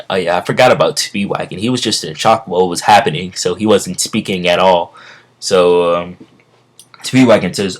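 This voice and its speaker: A man retelling a fan story in a halting, rambling way, full of restarts. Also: sits low.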